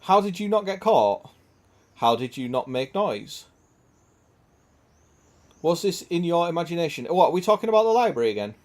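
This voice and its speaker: A man's voice: a little high, big pitch swings, moderate pace, pauses often. A young man streaming a game, chatting crudely with lots of swearing and laughter. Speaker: gaming streamer. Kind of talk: casual gameplay chat.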